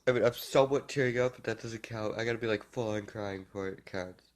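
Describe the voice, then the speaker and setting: A man's voice: fairly low pitch, fast talker. A young man talking casually in a reaction vlog, chatty and emotional, coaxing himself along. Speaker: gaming YouTuber.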